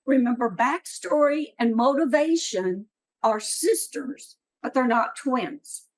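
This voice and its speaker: Slow, earnest woman teaching writers. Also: fairly high pitch, poor audio. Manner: earnest, encouraging, unhurried. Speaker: writing workshop speaker. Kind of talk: writing workshop talk. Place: meeting room.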